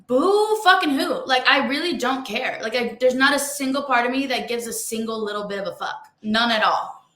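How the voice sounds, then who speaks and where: A woman's voice: on the high side, fairly even intonation, brisk, bright, forceful tone. A young woman co-hosting a podcast in casual chat, blunt and heated, swearing often. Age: young adult. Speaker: podcast co-host. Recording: echoey room.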